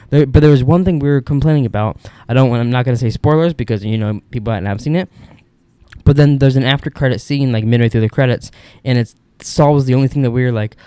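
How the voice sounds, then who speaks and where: Rambling, mellow-voiced young man. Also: mid-range voice, fast talker, clear, resonant tone, no room sound. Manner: rambling, candid storyteller. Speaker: podcast host. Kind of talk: casual solo monologue. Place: upstairs room at home.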